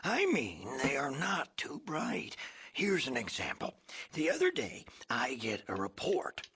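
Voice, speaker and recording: An actor playing an old male ghoul caretaker, raspy and wheezing, with a folksy drawl and cackling laughs. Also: mid-range voice, huge pitch swings, measured pace, fairly bright tone, exaggerated voice. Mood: folksy rambling. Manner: drawling folksy hillbilly-like talk. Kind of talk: video game character dialogue.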